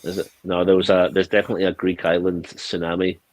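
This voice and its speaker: Low-voiced man, echoey room. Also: completely flat delivery, fast, crowd noise. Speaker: podcast co-host. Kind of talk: casual chat.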